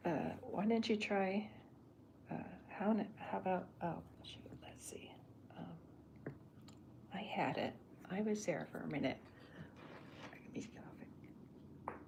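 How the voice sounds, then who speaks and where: An older, soft-spoken woman artist in a whispered role-play, thinking aloud in halting bits while she sketches. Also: medium pitch, vocal fry.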